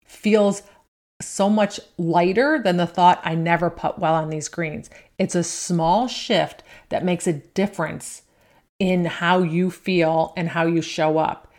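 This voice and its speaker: A woman coaching golfers on their thinking, talking in a relaxed conversational way and often checking in with "right?". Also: fairly low pitch, slow pace. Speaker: golf mental coach. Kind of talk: instructional talk.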